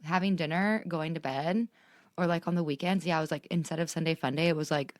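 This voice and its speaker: Young woman, low pitch, dry close sound, bubbly, laughs a lot, casual podcast co-host. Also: fairly even intonation, quick pace, no room sound. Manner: bubbly, laughs often, sometimes swears. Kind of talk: casual chat.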